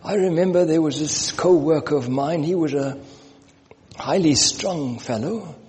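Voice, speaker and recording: A man in his seventies preaching a storytelling sermon, reading scripture slowly and with emphasis. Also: a little high, a little mellow. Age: 70s. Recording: long reverb, faint noise.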